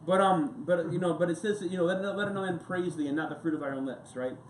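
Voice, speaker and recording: A man's voice: on the high side, fast, slight background noise. A male pastor giving a casual, rambling sermon full of anecdotes and asides. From United States. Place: church sanctuary. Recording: echoey church room with faint ambience.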